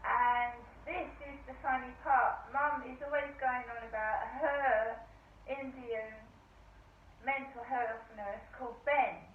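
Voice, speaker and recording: A woman's voice: fairly high pitch, fairly even intonation, slow, slight background noise. A middle-aged woman tells a rambling story with asides in a casual vlog at home. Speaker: vlogger. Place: home flat. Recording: echoey phone-like audio from far off.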